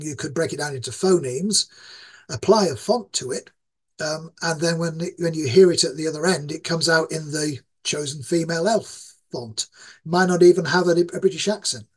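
Here the interview guest is a game designer in his sixties from East Yorkshire, whose slightly rough, a little high voice moves at a moderate pace. Casual and long-winded, he rambles and rants, by his own description, with plenty of fillers.

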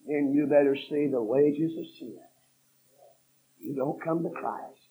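A man preaching a fiery revival sermon, telling a story that builds from low, quick talk to shouted repetition. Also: husky. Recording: dull lo-fi sermon recording.

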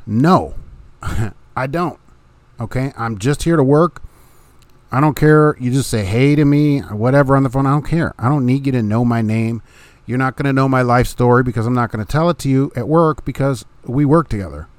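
Close-miked in a dry home room with no room sound, a middle-aged truck driver who hosts a podcast talks bluntly and shares strong opinions. His pitch is average and his pace moderate, and his casual delivery is broken up by short laughs between points.

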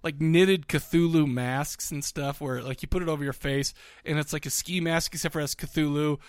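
Man, podcast co-host, rambling, excitable, many fillers, higher voice. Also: normal speed, smooth, dry recording, clean studio sound. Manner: rambling, full of restarts and fillers; excitable, laughing. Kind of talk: casual chat.

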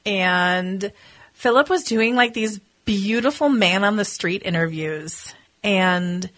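Bright, upbeat woman co-host. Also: mid-range voice, slow pace. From Minneapolis, USA. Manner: upbeat, laughs often, gushing. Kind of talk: casual chat.

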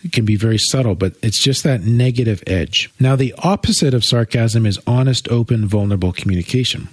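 A man's voice: medium pitch, a little fast, dry recording. A man co-hosting a podcast, explaining earnestly in casual chat with wry jokes. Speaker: podcast co-host.

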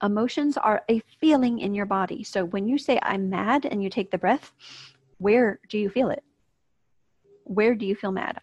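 A woman's voice: medium pitch, normal speed, darkish tone, breathy edge, dry recording. Upbeat woman coach, dry close sound. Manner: casual, upbeat, talks straight to viewers. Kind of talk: online course lesson. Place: outdoors, near a street. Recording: dull, slightly lo-fi dry sound.

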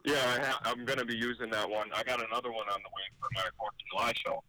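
A man's voice: mid-range voice, fairly even intonation, quick pace, pushed and bright, rough recording. A man calling into a podcast as a guest, giving easygoing short answers over the phone. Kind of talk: casual chat over the phone. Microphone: phone line.

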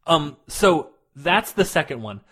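A man's voice: fairly high pitch, big pitch swings, measured pace, fairly bright tone. A man co-hosting a podcast, chatting casually and rambling with fillers and restarts. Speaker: podcast co-host. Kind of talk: casual chat.

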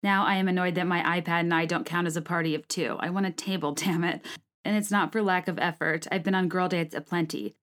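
Fast-talking woman in her late twenties. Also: on the low side, steady tone, a bit bright. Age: late 20s. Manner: fast-talking, many filler "like"s. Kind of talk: casual monologue and reading her own blog post aloud.

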